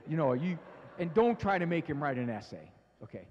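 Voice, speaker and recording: Animated man telling stories in a hall. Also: fairly high pitch, brisk, muffled recording, slight background noise. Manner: animated storytelling, acts out voices. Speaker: speaker on parenting. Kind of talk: humorous talk to a live audience.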